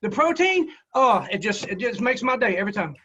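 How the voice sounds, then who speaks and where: A male trainee giving an enthusiastic practice pitch over a video call. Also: sing-song, fairly quick, crowd noise. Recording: dull video call audio.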